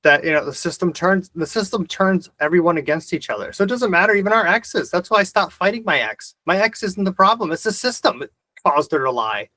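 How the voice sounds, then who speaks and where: A man's voice: high voice, lively intonation, a little fast, bright, forceful tone, no room sound. A man hosting a video call discussion, talking intensely and ranting with heavy swearing. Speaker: host of the discussion.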